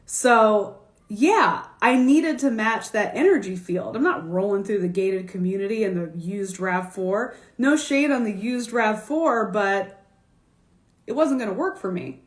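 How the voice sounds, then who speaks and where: A woman's voice: medium pitch, unhurried. Woman stylist on a live stream, chatty and blunt, laughs a lot, bit of room echo. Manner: candid, animated storytelling with laughs and swearing. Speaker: fashion stylist and business coach. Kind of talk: casual livestream talk. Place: home, recorded for a social media live stream.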